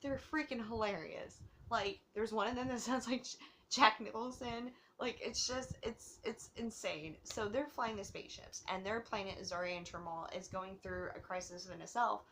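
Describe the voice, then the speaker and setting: A woman's voice: medium pitch, normal speed, fairly bright tone, slight background noise. A woman hosting her own movie review vlog, rambling and gushing with giggles, a bit tipsy from drinking. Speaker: host of a movie review channel.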